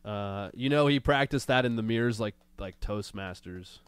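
Male host, sarcastic commentary, a bit under the weather; smooth, close and dry. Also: on the low side, no room sound. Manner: sarcastic, mocking, drawn-out jokes. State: has a cold. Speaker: livestream show host. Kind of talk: casual commentary reacting to clips and chat.

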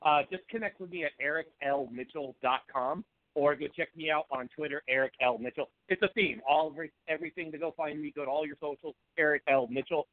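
Fired-up male caller, a bit hoarse, phone-quality audio. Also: a little high, quick pace, dry recording. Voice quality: voice turning hoarse. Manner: heated, fired-up. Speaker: call-in guest. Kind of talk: political call-in rant. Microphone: phone call. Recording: tinny phone line.

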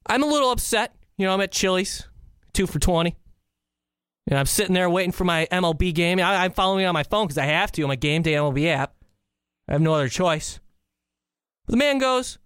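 A man from the Chicago area hosting a podcast, telling a story in an animated, incredulous way. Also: sits high, fairly quick, long pauses, smooth, no echo, clean studio sound. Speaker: podcast host. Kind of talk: casual solo podcast rant.

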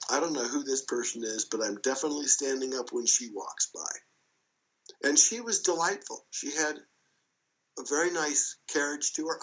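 A man as an interview guest, casually telling a story in a lively way and chuckling as he goes. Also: fairly high pitch, rough recording.

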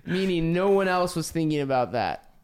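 A man's voice: fairly high pitch, animated, moderate pace, a little mellow, smooth. A man co-hosting a comedic sports podcast, making dry, teasing quips. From Atlanta area. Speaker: podcast co-host. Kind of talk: casual comedic sports chat.

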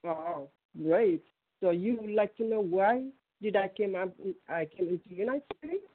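A middle-aged woman with an Ethiopian accent, calling in as a radio guest and speaking haltingly with many restarts. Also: medium pitch, expressive. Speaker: guest caller. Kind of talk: radio call-in interview. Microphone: phone. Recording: tinny phone line.

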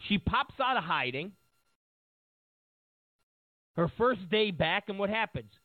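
A man's voice: high voice, slow pace, no room sound. Sarcastic man on a tinny, dry line. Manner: animated, sarcastic, mocking. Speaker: political commentator. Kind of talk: opinionated political monologue.

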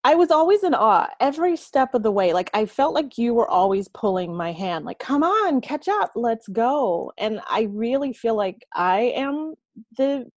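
A woman's voice: a little high, expressive, normal speed, no room sound, studio quality. A woman guest on a podcast, effusive and emotional, talking with an old friend. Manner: effusive, emotional, laughs often. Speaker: guest, energy healer. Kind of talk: casual chat.

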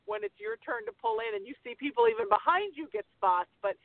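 Lively woman co-host on a thin line. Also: fairly high pitch, brisk, dry recording. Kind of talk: casual radio chat. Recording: phone-like narrow band.

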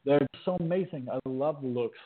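A man with a Danish accent, a podcast guest in a relaxed, effusive casual chat, often pausing on filler words. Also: medium pitch. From Denmark. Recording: phone-like narrow line.

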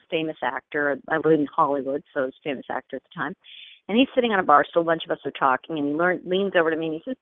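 A woman's voice: fairly low pitch, no echo. A woman in her fifties from New York, a psychic and spiritual teacher talking casually as an interview guest, telling stories and acting out the voices of people she quotes. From New York, USA. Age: 50s. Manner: expressive storyteller, acts out quoted voices, laughs easily. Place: home recording studio. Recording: dry, tinny phone-like line.

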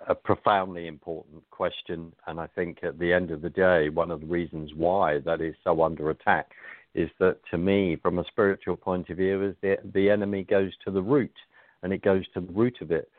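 A man's voice: sits low, fairly even intonation, a little fast, no room sound. A man, a guest on a political talk radio show, speaking earnestly and searching for his words over the phone. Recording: tinny phone line.

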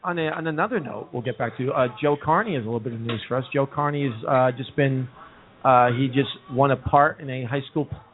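Halting man hosting a pub show. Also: medium pitch. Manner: halting, full of uh and restarts. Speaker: talk show host. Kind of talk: casual banter on a live pub show. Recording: tinny phone-like sound.

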